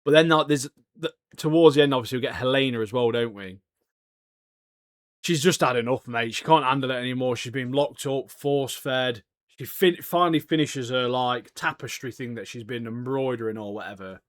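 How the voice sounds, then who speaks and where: A man's voice: medium pitch, moderate pace. A young man, co-hosting a podcast in casual chat, laddish and calling everyone mate. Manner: laddish, swears, says "mate" a lot. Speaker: podcast co-host.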